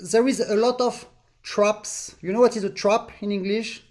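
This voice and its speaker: A man's voice: high voice, steady tone, moderate pace, a little mellow. A man, teaching accordion technique over a video call. He explains patiently and sings out rhythms in short syllables to demonstrate. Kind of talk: online master class instruction.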